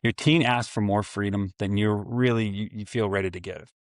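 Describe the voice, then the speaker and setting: A podcast host for dads, a man in his forties, talks alone about parenting in an earnest, thoughtful way, poking fun at himself now and then. His voice leans low with fairly even intonation and normal pacing, recorded cleanly in a studio without echo.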